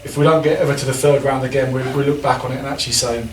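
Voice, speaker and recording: Man, club staff, fast but halting answer; distant echoey room. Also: mid-range voice, steady tone. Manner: hesitant, restarts thoughts. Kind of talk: press conference answer. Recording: echoey room, distant mic, faint noise.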